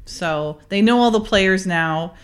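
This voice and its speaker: A woman's voice: mid-range voice, slow. A woman hosting a podcast, casually recapping a TV episode, chatty with frequent fillers and laughter. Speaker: podcast host.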